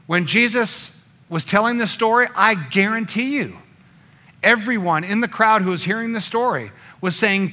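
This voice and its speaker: A male pastor giving a sermon, swinging between emphatic passages and hushed, intimate ones. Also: sits high, moderate pace.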